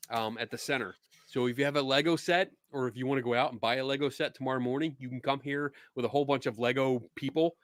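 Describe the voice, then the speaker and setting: A middle-aged man with a Philadelphia accent hosting a casual chat, easygoing, laughing often and filling pauses with ums. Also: medium pitch, a bit bright, dry recording, clean studio sound. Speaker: podcast host.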